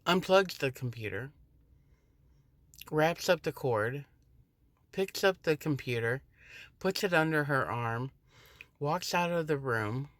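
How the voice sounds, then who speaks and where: A woman's voice: sits low, takes it slowly, pauses often, no echo. A woman working as a campus security officer tells a casual story while walking to her car through a parking garage, recorded on a phone she holds as she walks. She acts out the people in her story by raising her voice for their lines. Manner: animated, acts out quoted dialogue in a raised voice. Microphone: phone held while walking.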